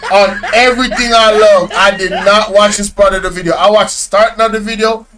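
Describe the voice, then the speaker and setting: A man's voice: high voice, steady tone, brisk, very noisy. A man hosting a reaction video, exclaiming in disbelief, laughing often and talking to his viewers in casual slang. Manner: slang-heavy, addresses viewers directly.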